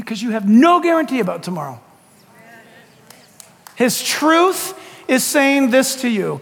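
A male pastor preaching a sermon in an animated way, acting out urgent calls and laughing with the crowd. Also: very high voice, a little slow, creaky, pauses often, in a large hall.

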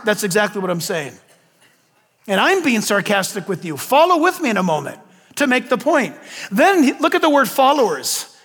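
Sing-song and a bit bright, the unusually high voice of an older male pastor moves at a normal speed through a sermon. He questions the room and adds homey asides between points, while a large hall stretches his words into a long reverb tail.

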